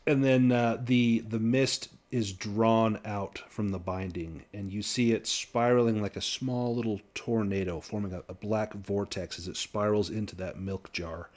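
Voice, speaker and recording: A man running a tabletop horror game as game master, narrating scenes in a measured, descriptive way with frequent restarts. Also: on the low side, steady tone, a little mellow.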